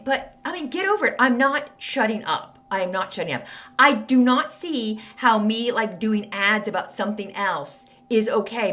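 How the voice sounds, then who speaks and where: A woman's voice: mid-range voice, a bit bright. A woman hosts a casual solo podcast, talking bluntly and chattily with plenty of sass. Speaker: podcast host.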